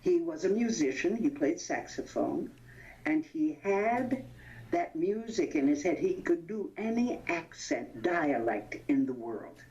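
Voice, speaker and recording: An older woman in her eighties with a low voice reminisces as an interview guest. She tells stories animatedly, laughs often and pauses to hunt for names. The sound is dull and lo-fi. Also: sing-song, mellow. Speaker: interview guest, veteran actress. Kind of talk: anecdotal reminiscing.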